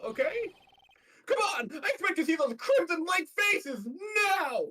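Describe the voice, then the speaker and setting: A woman's voice: high voice, animated, moderate pace, recorded from a distance. A woman doing a panicky stammering young man. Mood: defensive. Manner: stammering, shouting, whiny. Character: panicky loud-mouthed young man witness. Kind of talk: reading game dialogue aloud.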